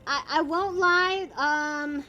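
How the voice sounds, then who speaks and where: Woman, art streamer, unhurried delivery, bright tone, casual running commentary. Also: high voice, fairly even intonation, highs cut off. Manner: chatty, self-narrating, playful. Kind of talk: casual chat while drawing.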